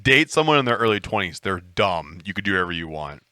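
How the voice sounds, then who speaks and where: A man in his thirties trades crude jokes on a casual podcast, his deep, rough voice swinging lively up and down. The tone is bright and cutting. The recording is close and dry, with no room around it. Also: quick pace, no room sound. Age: 30s. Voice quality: deep, rough voice he calls a hangover voice. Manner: joking, profane, teasing. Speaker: podcast co-host.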